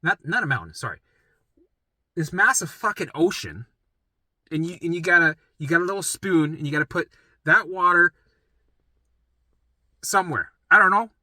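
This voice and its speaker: A middle-aged man telling his own story in a rambling, profane, animated way, often asking "right?" and jumping into acted voices. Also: moderate pace, pauses often, dry recording. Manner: acts out his own past voices in sudden pitch jumps. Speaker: vlogger sharing his recovery story. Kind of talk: casual storytelling monologue.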